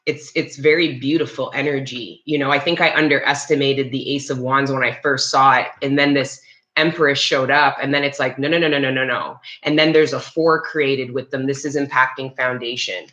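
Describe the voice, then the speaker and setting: A woman's voice: a bass voice, fairly even intonation, moderate pace, fairly bright tone, highs cut off. A woman giving a live-streamed tarot reading, rambling and chatty with many restarts, and talking straight to her viewers. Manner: talks to live chat viewers. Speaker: tarot reader. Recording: roomy echo.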